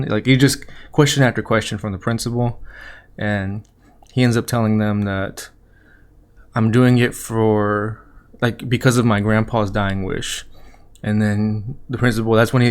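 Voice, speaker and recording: A man's voice: lowish voice, clear, resonant tone. A man hosting an anime review podcast, casually retelling an episode in a loose, rambling way with the odd light chuckle.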